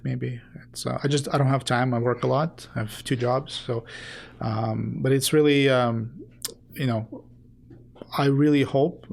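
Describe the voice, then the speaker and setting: A male doctor guest with a gravelly, creaky edge to his voice. He speaks earnestly but haltingly, often pausing on fillers as he gathers his thoughts. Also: medium pitch. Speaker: sports medicine doctor, guest. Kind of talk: casual interview chat.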